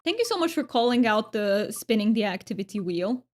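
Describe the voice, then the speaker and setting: A woman's voice: a little high, sing-song, a little fast, a little mellow, soft background music. A woman from Romania streaming a game, chatting with her viewers in a bubbly, giggly way. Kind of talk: casual live-stream chat.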